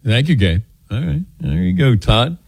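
A man's voice: mid-range voice, moderate pace, vocal fry, husky, dry recording. Middle-aged guy hosting call-in radio, voice bounces all over, dry studio sound. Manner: lively, joking, animated storytelling. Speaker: radio show host. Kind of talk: casual call-in radio chat. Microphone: studio microphone.

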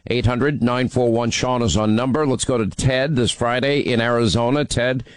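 A man's voice: mid-range voice, fairly even intonation, normal speed, dry recording. Emphatic male talk radio host. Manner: teasing, then emphatic and urgent.

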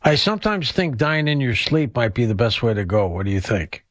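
A man's voice: medium pitch, sing-song, fairly quick, no echo, clean studio sound. A man hosting a call-in radio show, asking friendly, inquisitive questions. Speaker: radio host.

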